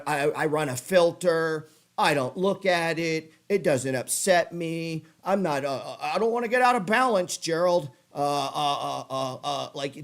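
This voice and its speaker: A middle-aged man with a fairly high voice rants about trading, swearing and pushing hard. He talks at a desk mic by his computer. His voice climbs and gets louder as he works himself up. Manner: fired-up, swearing, pushy. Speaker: trading show host. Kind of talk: profane motivational rant.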